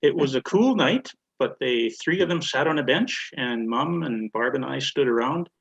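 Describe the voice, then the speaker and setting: An older man telling a story on a church video call, measured and deliberate. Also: mid-range voice, animated, gravelly, a bit bright, husky, lo-fi sound. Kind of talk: casual storytelling.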